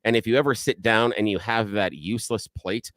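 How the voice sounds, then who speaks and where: A man hosting a radio talk show, chatting casually and telling animated stories, acting out other people's voices. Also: on the low side, fairly quick, no room sound. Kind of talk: casual on-air chat.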